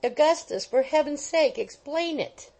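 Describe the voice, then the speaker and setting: A woman's voice: sits high, expressive, unhurried, a little mellow, voice pushed up. A woman doing an earnest, pleading young lady.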